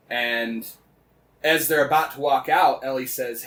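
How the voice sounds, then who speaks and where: A male podcast co-host retells a game story in casual conversation, rambling with plenty of fillers, restarts and frequent swearing. His medium-pitched voice is fairly even and slow, with a fairly bright tone. He sits far from the mic, and the recording quality is low.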